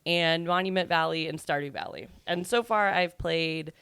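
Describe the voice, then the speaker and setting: A woman's voice: on the low side, normal speed, a bit bright, clean tone, no echo. A woman co-hosting a casual video game podcast, chatty and peppering her talk with "like". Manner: chatty, fills speech with "like". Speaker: podcast co-host. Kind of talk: casual chat about video games.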